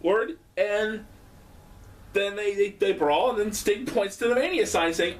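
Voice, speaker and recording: A man doing a rambling casual vlog at home, excitable and profane, laughing often. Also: high-pitched, unhurried, distant mic. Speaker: vlogger.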